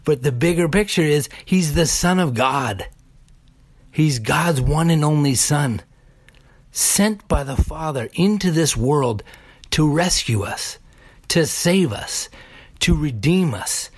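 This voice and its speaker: A man preaching a sermon deliberately, building emphasis through repeated phrases. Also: fairly high pitch, lively intonation, breathy edge. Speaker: pastor.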